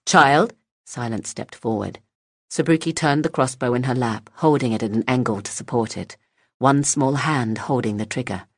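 Very deep-voiced husky woman narrator. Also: moderate pace, a little mellow, no room sound, clean studio sound. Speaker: audiobook narrator. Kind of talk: scripted fantasy narration.

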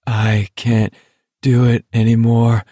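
A man voicing an exhausted teenage boy who talks in a quiet, desperate monotone. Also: medium pitch, slow, slightly rough, dry recording, studio quality. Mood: despairing. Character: worn-out, frightened teenage boy walker.

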